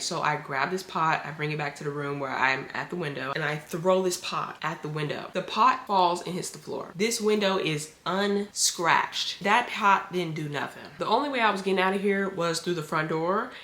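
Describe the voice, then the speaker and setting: A young woman telling a dramatic storytime as a vlogger, animated and acting out her own quotes. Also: deep voice, normal speed, few pauses. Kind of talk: storytime narration. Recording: echoey room.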